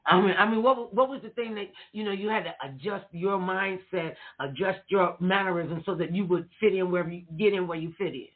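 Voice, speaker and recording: A middle-aged woman hosting a talk show in casual chat, an animated storyteller who acts out the voices she quotes. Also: on the low side, brisk, hardly any pauses, breathy edge. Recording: tinny phone-like line.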